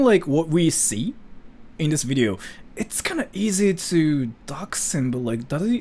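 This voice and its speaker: A man talking casually through a reaction to a video, his pitch swinging widely from one phrase to the next. He rambles, starts over, and keeps throwing out curious questions, in a slightly raised voice. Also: very animated, unhurried, a little mellow. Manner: rambling, full of fillers and questions.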